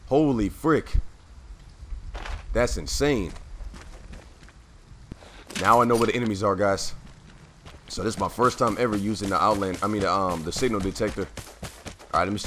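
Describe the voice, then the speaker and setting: A man with a low yet fairly bright voice rambles through casual gameplay commentary, full of fillers and self-corrections. His voice keeps giving out and he clears his throat now and then, over a faint hiss.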